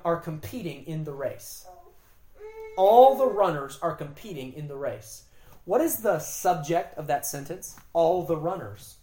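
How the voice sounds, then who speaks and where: A woman teaching scripture in an emphatic, explanatory way, her pitch rising and falling a lot as she stresses key phrases. She is recorded in an echoey room. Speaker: Bible teacher. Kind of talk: Bible teaching on scripture and grammar.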